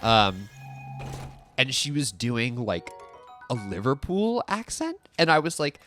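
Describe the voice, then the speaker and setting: A man's voice: medium pitch, slow pace, soft background music. A young man chatting casually and giggling while he streams a game. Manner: animated, giggly and rambling. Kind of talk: casual chat while gaming.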